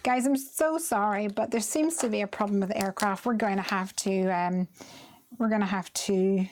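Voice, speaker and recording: A woman's voice: mid-range voice, normal speed, a little mellow, lightly acted. A woman voicing a female airline gate agent making apologetic announcements.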